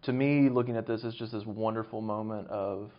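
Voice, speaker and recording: A man speaking as an interview guest, measured and academic, thinking aloud as he explains. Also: lowish voice, fairly even intonation. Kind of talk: conversational interview. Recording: dull lo-fi recording.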